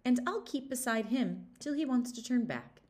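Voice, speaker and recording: A woman's voice: a little high, lively intonation, normal speed, a little mellow, pitched above the performer's own voice, close to an everyday voice. Storybook boy hero, honest and curious, voiced by a woman. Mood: earnest. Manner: simple, wondering and earnest. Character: plain-spoken young lad in a goatskin.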